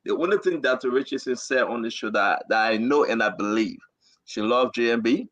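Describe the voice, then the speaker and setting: A man hosting and moderating a call-in talk show, animated and directing callers. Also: medium pitch, a little fast.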